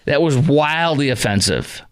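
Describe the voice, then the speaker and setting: A man's voice: fairly high pitch, expressive, a little slow, clean tone. A man hosting a talk radio show, delivering a sarcastic, mocking monologue in a conversational way. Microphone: studio microphone.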